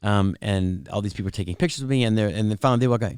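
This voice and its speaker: Animated middle-aged male comedian telling stories. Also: on the low side, rapid-fire, hardly any pauses, clean tone, no echo, studio quality. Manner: animated, acts out voices in anecdotes, laughs often. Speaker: comedian guest. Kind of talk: casual chat, storytelling.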